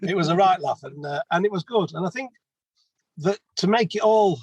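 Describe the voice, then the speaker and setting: A man's voice: high voice, moderate pace, darkish tone, breathy edge, no echo, rough recording. A man, a plumber telling stories as a guest in a casual interview. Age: 50s. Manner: chatty storyteller, many restarts.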